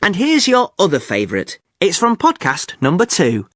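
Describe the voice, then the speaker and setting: A man hosting a scripted learner podcast, speaking clearly and with light amusement. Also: sits high, huge pitch swings, normal speed, fairly bright tone, no room sound, clean studio sound. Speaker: podcast host.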